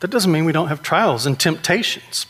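A man preaching a sermon in a conversational way, often asking "right?" and slowing down to stress key points. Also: fairly high pitch, lively intonation, a bit bright, breathy edge. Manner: conversational, with frequent rhetorical "right?".

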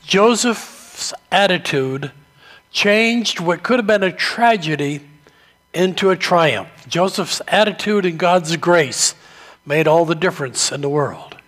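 A man preaching a sermon, telling stories slowly and deliberately. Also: sits high, fairly bright tone. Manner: slow, deliberate storytelling delivery. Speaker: pastor.

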